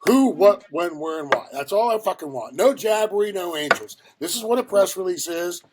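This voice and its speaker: A man voicing a gruff, cursing older male newspaper editor who barks blunt orders in a husky voice. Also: medium pitch, animated, racing, noisy background, close to an everyday voice. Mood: gruff commanding. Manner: yelling, profane, blunt.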